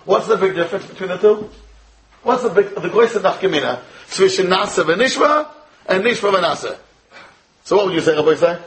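A man's voice: high-pitched, lively intonation, a little fast, fairly bright tone, rough recording. An American man teaching a Torah class as a rabbi, firing rhetorical questions at his students and weaving in Hebrew and Yiddish terms. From United States. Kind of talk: Torah lecture.

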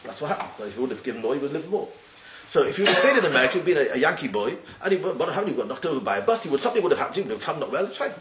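A man a fairly high voice tells a Torah story in full of words, talking in quick bursts. He rambles, repeats himself and acts out what the characters say. The room is echoey, a faint hiss behind him. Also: very animated. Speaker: rabbi giving a talk.

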